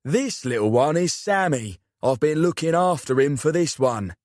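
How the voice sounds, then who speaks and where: A man's voice: on the high side, animated, moderate pace, a little mellow, no echo, studio quality, close to an everyday voice. A man doing a cheeky South London uncle. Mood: teasing. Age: middle-aged. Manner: cheeky, teasing. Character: brash middle-aged man, a joking uncle.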